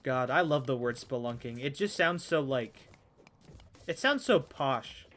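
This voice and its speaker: A man's voice: medium pitch, expressive, unhurried, fairly bright tone. A man streaming a game, chatting casually and rambling with stammers, jokes at his own expense and frequent swearing. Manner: rambling, stammering, self-mocking, swears freely. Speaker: gaming streamer. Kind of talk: casual gameplay commentary.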